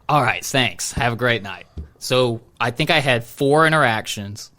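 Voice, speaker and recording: Bright-voiced man telling a story. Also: medium pitch, normal speed. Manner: animated storytelling, acts out quoted exchanges; says "dude" and "bro" a lot. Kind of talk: casual chat.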